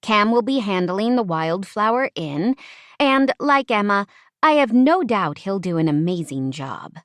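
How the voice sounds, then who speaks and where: A woman voicing a calm, assured woman. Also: mid-range voice, a little slow, no echo, voice pushed up.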